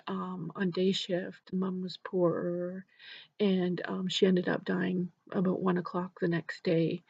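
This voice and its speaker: A middle-aged woman, a nurse, gently telling a case study, often dropping to a hushed near-whisper. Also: medium pitch, creaky, breathy edge, dry recording. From Canada. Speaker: nurse and grief educator. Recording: dry, dull lo-fi recording.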